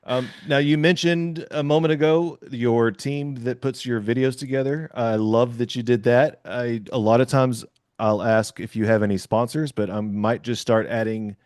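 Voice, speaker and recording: A man's voice: medium pitch, steady tone, normal speed, darkish tone, smooth, no echo, clean studio sound. A man hosting a casual interview, chatty and rambling, with many fillers and restarts. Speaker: podcast interviewer.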